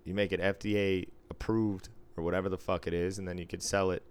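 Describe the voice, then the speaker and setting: A man from the US East Coast co-hosting a podcast in casual chat, hoarse from smoking and laughing, crude and quick to laugh. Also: sits low, flat delivery. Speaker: podcast co-host.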